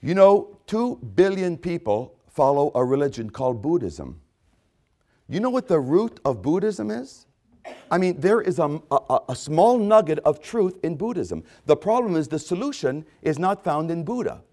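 A man's voice: on the high side, very animated, moderate pace, dark tone. A man preaching a sermon with emphatic repetitions, often acting out quoted voices. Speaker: pastor.

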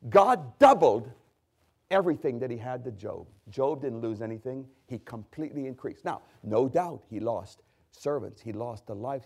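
A man preaching a sermon with emphatic, drawn-out stresses, asking the congregation questions and answering them himself. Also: medium pitch, creaky. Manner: lively, emphatic delivery with rising, drawn-out stresses.

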